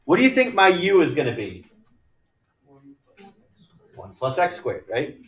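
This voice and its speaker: A man's voice: fairly high pitch, huge pitch swings, takes it slowly. A man teaching a math class, working problems aloud in a chatty, joking way. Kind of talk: classroom lecture. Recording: echoey classroom from far off.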